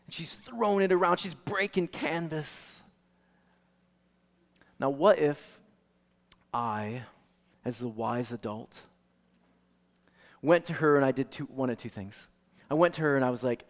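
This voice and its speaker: A male pastor preaching a sermon, animated storytelling that swings from soft to loud. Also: medium pitch, a little slow, long pauses. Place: church sanctuary. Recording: long reverb of a church hall.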